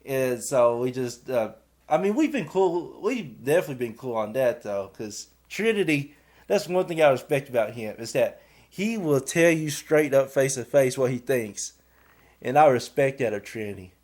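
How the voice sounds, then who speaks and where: A man's voice: medium pitch, lively intonation, normal speed, a little mellow. Rambling young man telling a story. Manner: rambling, fills with "and stuff". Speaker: college student athlete. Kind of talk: casual storytelling.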